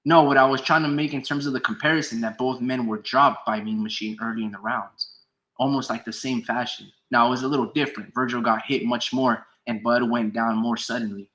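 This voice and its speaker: Male streamer, crisp bright tone, profane and combative, answers chat comments out loud. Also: mid-range voice, fairly even intonation, brisk. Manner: heated, profane, argues with chat; reads chat comments aloud and answers them. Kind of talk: casual live-stream commentary.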